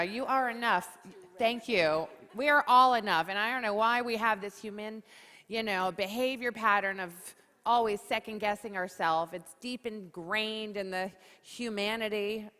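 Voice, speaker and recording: A woman from New York hosting a conference on stage, joking and rallying the audience. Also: medium pitch. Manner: lively, joking, rallies the audience. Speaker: conference emcee. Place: large conference hall. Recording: reverberant hall.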